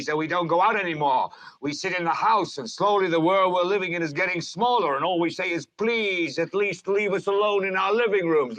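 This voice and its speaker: An actor playing a furious middle-aged male news anchor who rants on air and whips his words into shouted rallying cries. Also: high voice, poor audio. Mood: bitter. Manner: impassioned, repeats lines into shouted rallying cries. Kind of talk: film drama monologue.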